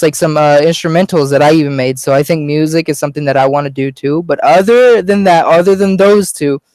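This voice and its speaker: Young guy, casual chat, loose and rambling, a touch high, close dry sound. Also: darkish tone, smooth, no room sound, rough recording. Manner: rambling, filler-heavy, easygoing. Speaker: youtuber being interviewed.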